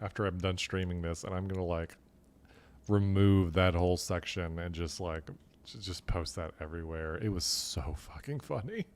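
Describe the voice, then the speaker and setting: A man streaming a video game live, laughing hard and reacting with excited, profane commentary. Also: sits low, moderate pace, a little hiss or hum.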